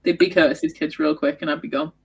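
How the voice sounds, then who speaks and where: A woman's voice: low-pitched, steady tone, fast, slightly rough. A woman in a casual chat, making blunt, dry remarks.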